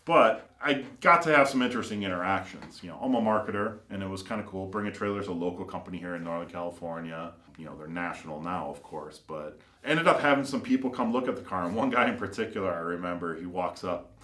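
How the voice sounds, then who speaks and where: A man's voice: sits low, animated, fast talker, few pauses, sharp tone. A man who builds custom cars tells casual, rambling anecdotes full of fillers and acted-out quotes. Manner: rambling, filler-heavy, acts out quoted voices. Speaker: custom car builder and shop owner. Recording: roomy echo.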